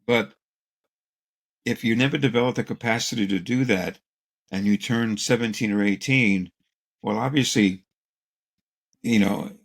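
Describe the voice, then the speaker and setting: A man, a child psychologist, answering interview questions with calm explanations and stories, acting out short quotes. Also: on the low side, measured pace, creaky, pauses often. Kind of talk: interview answer, anecdotal storytelling.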